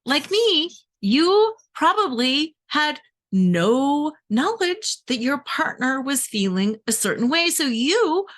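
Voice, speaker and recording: A middle-aged woman coaching her audience in an emphatic, conversational way. Her voice sits a little high and swoops up and down a lot as she stresses her points. She sounds like she is talking straight to the listener. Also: very animated, slow, a bit bright. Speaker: relationship coach. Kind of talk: direct-to-camera coaching talk.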